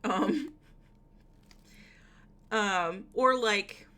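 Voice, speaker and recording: A woman's voice: mid-range voice, extremely slow, bright, forceful tone. A woman streaming from home, chatting casually with her viewers, giggling often and rambling through lots of fillers. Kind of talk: casual live-stream chat.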